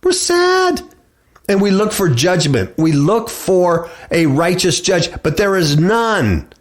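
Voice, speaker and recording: A man's voice: sits high, expressive, measured pace. A middle-aged man hosting a radio show, preaching and reading scripture aloud. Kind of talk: preaching bible commentary.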